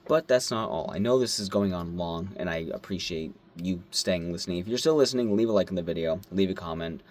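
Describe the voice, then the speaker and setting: A young man vlogging at his desk, telling a story in a rambling, animated way, swearing now and then and squealing when he acts out his excitement. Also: deep voice, brisk. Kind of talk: casual talk to camera.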